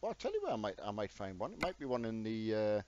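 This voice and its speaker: Talking fast in a lowish voice whose pitch swoops wildly, a middle-aged gaming streamer jokes at his own expense and greets viewers by name. The lo-fi stream audio is dull, with loud truck game noise.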